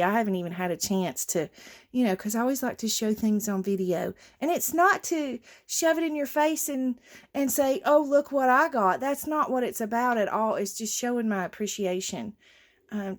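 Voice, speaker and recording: A woman chatting casually and emotionally to her viewers as a craft channel host, with lots of fillers. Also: a little high. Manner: emotional, gushing, warm thanks with many fillers.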